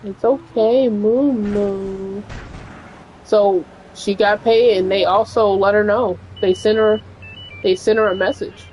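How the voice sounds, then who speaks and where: A woman's voice: mid-range voice, level tone, a little slow, muffled recording, slight background noise. A woman streamer telling a long, rambling story while she plays at home. She speaks frankly and fills her talk with "like" and "you know". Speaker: gaming streamer. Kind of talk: casual storytelling over gameplay.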